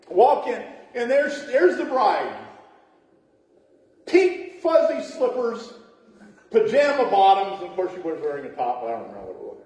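In a church sanctuary, a middle-aged pastor delivers a storytelling sermon of funny wedding tales, laughing at asides and imitating voices. His voice is high with a darkish tone, picked up from a distance in the echoing hall.

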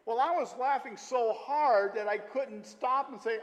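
A middle-aged man preaching a sermon, telling stories with lots of filler "uh"s and an animated delivery. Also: extremely high pitch, unhurried. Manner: storytelling, animated, with frequent "uh" fillers. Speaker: pastor. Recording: long hall reverb.

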